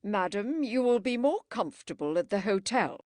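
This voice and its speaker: A woman voicing a stern, proud Edwardian gentleman who speaks in a clipped, cold and biting way. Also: mid-range voice, expressive, normal speed, no echo, clean studio sound, lightly acted.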